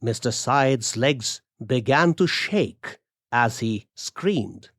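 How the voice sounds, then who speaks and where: A man narrating a storytelling podcast in a measured, deliberate way. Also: mid-range voice, lively intonation, a bit bright, no echo, clean studio sound.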